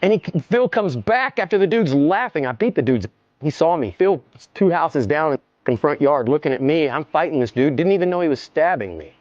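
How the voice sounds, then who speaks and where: A middle-aged man telling a story in a casual interview, animated and swearing, acting out the scene. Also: a little fast, no echo, dull audio. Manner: animated, swearing, acts out the scene with jumps in pitch. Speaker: interview guest.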